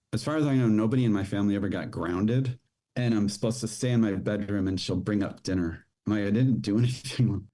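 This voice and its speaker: A middle-aged man, a podcast guest, telling a personal story in a rushed, halting way with many restarts. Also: on the low side, dark tone.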